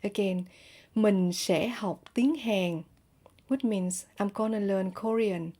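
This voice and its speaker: Woman teacher, talks real slow, soft mellow tone, says every example twice. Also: medium pitch. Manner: repeats each phrase slowly and clearly for learners. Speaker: language teacher.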